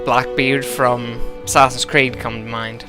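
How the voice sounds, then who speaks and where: A man's voice: mid-range voice, little pitch movement, measured pace, music in the background. Brief: jokey, slightly drunk male game narrator, rambling asides. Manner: joking, rambling. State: tipsy. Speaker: let's-play narrator.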